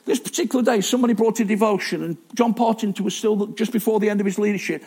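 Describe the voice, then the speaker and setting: A man's voice: sits high, fairly even intonation, quick pace, a little mellow. A man preaching a sermon in a chatty, self-deprecating way, with asides and restarts.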